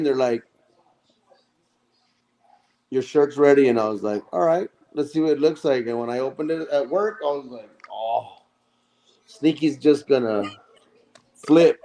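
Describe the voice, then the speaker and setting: A man who is a regular on the show, telling a story casually and acting out what people said. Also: medium pitch. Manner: animated, acts out quoted dialogue.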